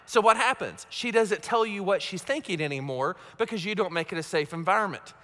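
A man's voice: sits high, animated, brisk, few pauses, a bit bright. A man preaching a sermon as pastor, conversational and self-mocking, often checking in with his listeners. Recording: long hall reverb.

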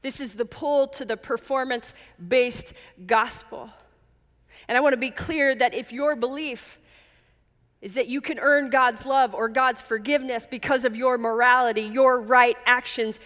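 A woman preaching a sermon in an earnest, measured way, stressing key words and repeating lines for emphasis. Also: a little high, fairly even intonation, fairly bright tone. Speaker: pastor. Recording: long hall reverb.

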